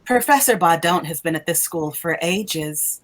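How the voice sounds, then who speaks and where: Lonely ghost schoolgirl, soft and halting, game-table voice put on by a woman. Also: lowish voice, lively intonation, pitched below the performer's own voice, low-quality recording. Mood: wistful. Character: lonely shy female student ghost, mournful.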